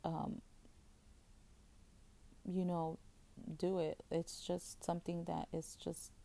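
A woman in her thirties talks casually on her podcast, her voice low-set and gravelly with plenty of vocal fry. She rambles in a fairly flat tone, circling back with fillers and restarts, and lets her emotions show. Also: takes it slowly. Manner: openly emotional. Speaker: podcast host. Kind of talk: casual chat.

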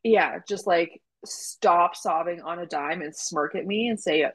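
A woman with a slightly low voice recounts a story in casual podcast chat. She acts out the quoted lines as she goes and keeps a relaxed, conversational pace. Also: measured pace, breathy edge, low-quality recording. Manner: animated retelling with quoted dialogue and laughs. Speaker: doula telling her story.

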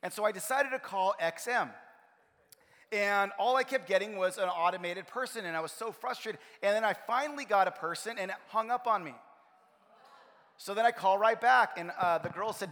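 A man preaching a sermon as pastor of his church, telling stories in an animated way. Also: sits high, brisk. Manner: animated storytelling, acts out his own frustration. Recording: long hall reverb.

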